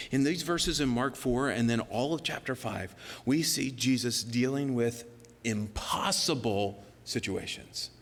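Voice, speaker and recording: A male pastor preaching a sermon in an earnest, personal way, sometimes dropping to a soft near-whisper for emphasis. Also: mid-range voice, in a large hall. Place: church sanctuary.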